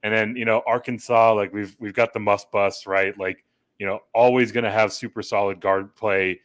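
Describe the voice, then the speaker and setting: A man's voice: lowish voice, steady tone, moderate pace, no echo, studio quality. A man co-hosting a sports talk show who rambles through his analysis, full of "right?" and "you know". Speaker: podcast co-host.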